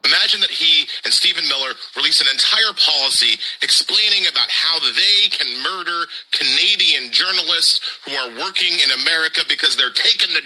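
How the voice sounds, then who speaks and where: A man's voice: a little high, bright, forceful tone, rough recording. A man commenting on the news in a sarcastic tone, building mock hypotheticals. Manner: sarcastic, acts out quoted voices.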